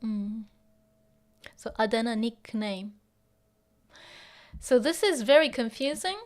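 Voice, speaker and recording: A woman gives a relaxed Japanese lesson, switching between English explanations and Japanese phrases. Her voice sits a little high, and she fills her speech with ums and easy laughs. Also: slow pace. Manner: laughs often while explaining. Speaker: Japanese teacher. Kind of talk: casual language lesson.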